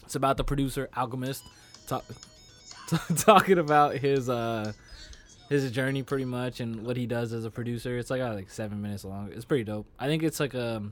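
A man's voice: medium pitch, fairly quick, faint music behind. Slangy young man, casual podcast chat. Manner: slangy, laughs often, swears casually. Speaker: podcast co-host.

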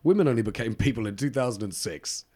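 A podcast co-host tells a true-crime story in a casual, rambling way, full of ums and side remarks, laughing along as he goes. His voice is medium-pitched and warm, with lively intonation and a fast pace.

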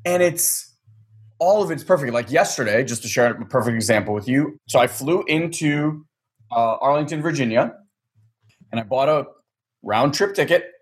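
A man's voice: medium pitch, moderate pace. A man telling a story in casual chat, acting out the dialogue and swearing casually. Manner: animated, acts out quoted dialogue, swears casually.

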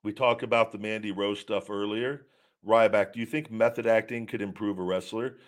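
A man with a somewhat low voice hosts a casual live stream. He reads viewer questions aloud and answers them in a candid, rambling way. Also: steady tone, normal speed. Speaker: host of a live show answering viewer chat.

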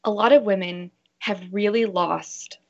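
A woman's voice: medium pitch, measured pace, vocal fry. A woman guest expert on a radio show, talking earnestly and acting out the voices she quotes. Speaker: guest expert, bra fitter. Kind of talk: casual radio interview. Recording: dull lo-fi sound.

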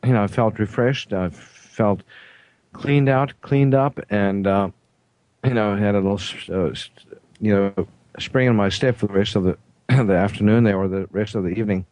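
Low-voiced South African man hosting. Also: a little mellow, dry recording. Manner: halting, frequent throat clearing and fillers. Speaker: host. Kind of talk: casual radio talk show. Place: studio.

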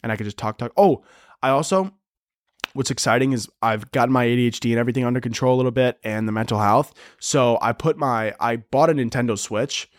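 A young man hosting a solo comedy podcast, rambling and sarcastic, swearing often and breaking into squeaky mocking voices. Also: brisk, no echo, clean studio sound. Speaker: podcast host.

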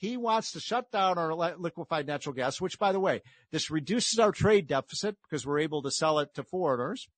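Man, talk show host, political commentary, combative, mocking, chuckles, higher voice, dry studio sound. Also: expressive, brisk, hardly any pauses, no echo.

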